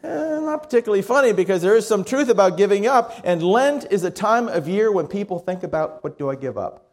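A male pastor preaching in a relaxed, conversational way. His voice sits high for a man, and he restarts words as he gathers his thoughts. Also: a little fast. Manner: conversational, repeats words while thinking. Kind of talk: sermon.

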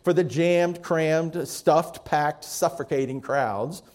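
A woman's voice: low voice, slow, darkish tone. A male preacher voicing a weary, reluctant woman prisoner who grudgingly gives thanks in a sermon story.

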